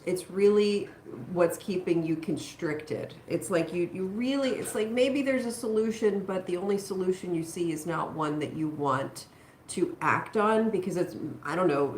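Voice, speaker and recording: Low-voiced woman giving tarot readings. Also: darkish tone, echoey room, a little hiss or hum. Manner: reassuring, thinking aloud with pauses. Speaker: tarot reader. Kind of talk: live-streamed tarot reading.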